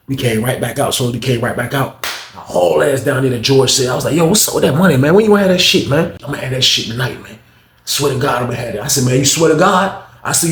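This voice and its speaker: A man telling a prison story in casual, animated fashion, acting out everyone's voices with heavy slang. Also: medium pitch, reverberant, a little hiss or hum.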